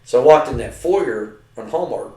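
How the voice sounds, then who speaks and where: A man's voice: mid-range voice, animated, moderate pace, vocal fry, dark tone. An older man, a retired soldier, telling rambling, profane war stories in a casual chat. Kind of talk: casual storytelling. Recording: roomy, distant from the mic.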